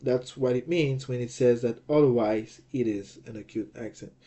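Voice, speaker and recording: A man teaching a language lesson, explaining rules slowly and deliberately, often repeating phrases and checking in with the listener. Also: medium pitch, dark tone.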